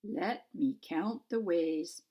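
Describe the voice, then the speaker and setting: A woman's voice: fairly low pitch, very slow, mellow, slightly rough, heavily acted. A woman voicing a sardonic female cat familiar in an audiobook, dry and sarcastic. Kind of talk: audiobook character voice.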